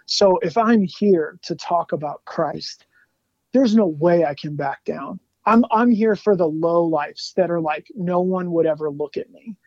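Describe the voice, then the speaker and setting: A man guesting on an interview show, telling animated stories in a casual chat, laughing often and saying "like" a lot. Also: on the high side, no room sound, highs cut off. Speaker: guest musician.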